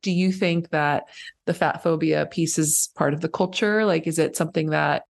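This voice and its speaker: Low, gravelly-voiced woman podcast host. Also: fairly even intonation, normal speed. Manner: open, personal storytelling. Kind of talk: casual conversation.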